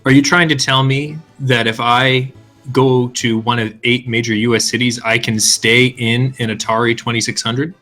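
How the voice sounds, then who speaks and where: A man in a casual group chat, sarcastic and deadpan. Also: medium pitch, moderate pace, faint music behind. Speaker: podcast co-host.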